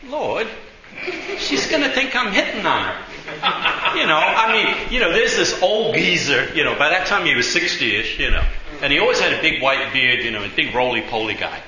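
A man's voice: on the high side, expressive, a little fast, few pauses, highs cut off, crowd noise. Chatty man preaching in an echoey room. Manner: chatty, full of "you know", acts out voices in the story. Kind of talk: sermon with storytelling.

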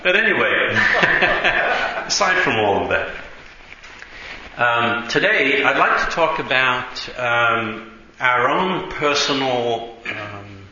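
A male pastor preaches in a loose, conversational way, stretching out key words for emphasis. His voice sounds bright and bounces around a very echoey church hall. The recording is dull and lo-fi with a faint noise underneath. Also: medium pitch, animated. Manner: conversational storytelling, drawn-out emphasis, frequent ums. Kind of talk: sermon.

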